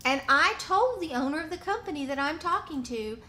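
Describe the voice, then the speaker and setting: A woman's voice: sits high, lively intonation, a little fast, pushed and bright, a little hiss or hum. A woman vlogger telling an indignant story, acting out both sides of a phone call. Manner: indignant, re-enacts phone conversations. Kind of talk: animated storytelling.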